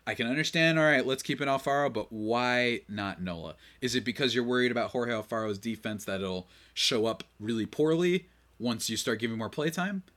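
A man hosting a casual sports podcast, opinionated and quick to rant in exasperation, running on little sleep. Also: mid-range voice, a bit bright. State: short on sleep. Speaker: podcast host.

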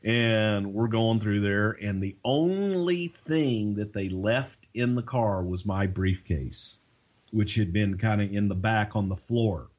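A man's voice: lowish voice, slow, muffled recording. A man casually telling a long, profane story, acting out the voices of the people in it. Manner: profane, animated, acts out quoted voices.

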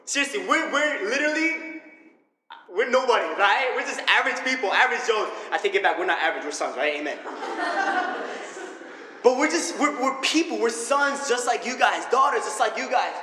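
A young man preaching a sermon full of personal stories, energetic and animated, laughing often. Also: very high voice, fairly quick, crowd noise. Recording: echoey hall with faint ambience.

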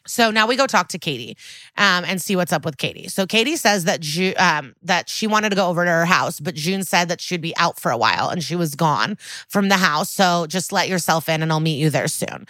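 Woman, podcast co-host, casual recap, lowish pitch, dry close sound. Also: fairly bright tone, no echo. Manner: chatty, quotes characters in quick voices, laughs often.

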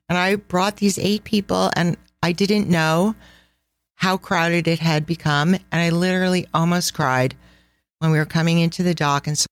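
A woman's voice: fairly low pitch, dry recording. A middle-aged woman hosting a casual travel podcast, enthusiastic and laughing often, dropping in Italian phrases. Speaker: podcast host and travel planner.

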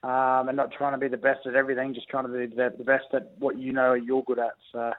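A young Australian rugby league player joins a radio show as a guest over a tinny phone line. His mid-range male voice moves fast, though he talks in a relaxed, hesitant way full of fillers.

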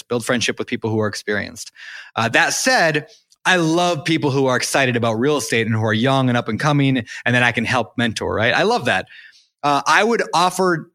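Fast-talking bright-voiced podcast host. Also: male voice, mid-range voice, no echo, clean studio sound. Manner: animated, acts out quoted people. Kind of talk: casual podcast chat.

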